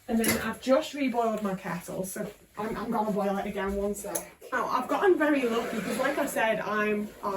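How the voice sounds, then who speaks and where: A woman's voice: mid-range voice, far from the mic, background noise. A young woman, chatting casually and self-mockingly while she cooks at home, tagging questions onto her sentences. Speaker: vlogger. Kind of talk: casual cooking vlog chat.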